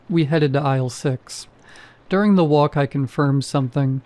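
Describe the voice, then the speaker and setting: A man's voice: fairly high pitch, normal speed, darkish tone. A man narrating a first-person horror story in a wry, conversational way.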